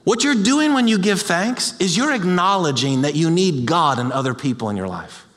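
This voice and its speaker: Pastor, male, high voice, lively and joking sermon delivery with long hall reverb. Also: normal speed. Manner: animated, humorous, repeats words.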